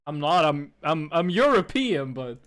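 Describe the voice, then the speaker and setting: A man's voice: fairly high pitch, very animated, a little slow, fairly bright tone. A young man streaming a game, chatting playfully with his chat and teasing them while he plays.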